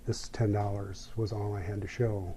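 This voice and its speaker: Male interview guest, unhurried and reflective storyteller, dark mellow tone. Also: on the low side, level tone, a little hiss or hum. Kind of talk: personal storytelling.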